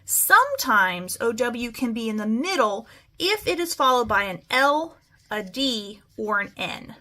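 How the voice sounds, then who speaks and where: A woman's voice: fairly high pitch, sing-song, pushed and bright. A woman teaching a phonics lesson to children, stretching out words as she models them. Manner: slow, stretched-out word modeling.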